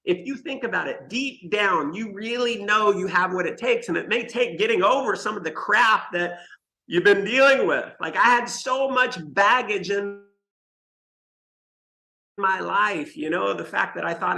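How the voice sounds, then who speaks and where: Gravelly, bright-voiced motivational man. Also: high voice, lively intonation, a little slow, rough recording. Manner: emphatic storyteller who speaks straight to the listeners. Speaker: motivational speaker. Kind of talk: motivational talk to an online summit audience.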